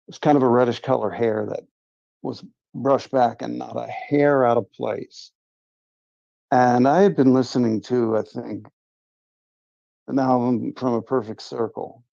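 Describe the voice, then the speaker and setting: A man with a deeply gravelly, fry-laden voice tells a story from his own life in a casual, confiding way. His tone is dark and mellow. The recording is dry and close, with dull lo-fi stream audio. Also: no echo. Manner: earnest, confiding, recounting a strange encounter. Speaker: livestream host. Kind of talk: casual first-person storytelling.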